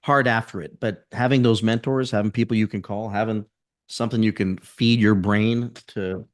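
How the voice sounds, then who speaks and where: A man's voice: fairly low pitch, steady tone, moderate pace, dry recording, studio quality. A man speaking as a guest on a podcast, talking in an intense, driving pep-talk way as a motivational speaker. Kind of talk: podcast interview.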